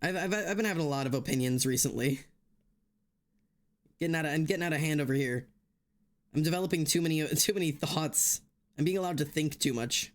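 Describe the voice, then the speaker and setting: A man's voice: a little high, a little fast, long pauses. Swearing, ranting male streamer. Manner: heavy swearing, rants then laughs it off; talks straight to chat, many restarts. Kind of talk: casual livestream chat.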